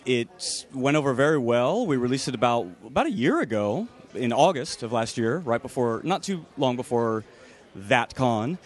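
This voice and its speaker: A man of ordinary pitch who talks eagerly and at length, with plenty of "you know" fillers. He is a guest in a casual interview recorded outdoors at a fan convention. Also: animated, normal speed. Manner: eager, rambling, many fillers.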